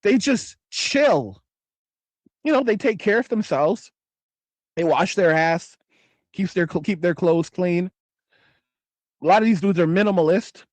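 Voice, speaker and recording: A man's voice: sits high, expressive, unhurried, pauses often, no echo. A man hosting a late-night livestream, ranting with mock outrage, heavy swearing and emphatic repetition. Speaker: livestream host. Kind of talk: profane late-night rant.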